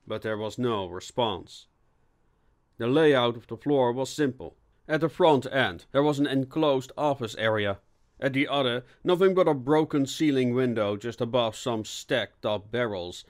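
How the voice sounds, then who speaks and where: A man reading scripted narration for an audiobook in a steady, even storytelling manner. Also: medium pitch, normal speed.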